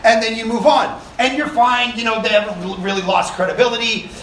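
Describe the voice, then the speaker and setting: Energetic high-voiced man preaching in an echoey hall. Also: fairly quick, far from the mic, a little hiss or hum. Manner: energetic, conversational preaching with rhetorical questions. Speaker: pastor. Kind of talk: sermon. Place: summer camp meeting hall. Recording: echoey room, speaker off-mic.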